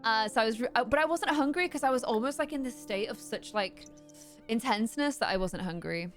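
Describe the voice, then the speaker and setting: A young woman chatting casually while playing a game, rambling with fillers and breaking into high excited squeals. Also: a little fast. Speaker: gameplay streamer. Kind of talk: casual chat over gameplay. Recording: faint music in background.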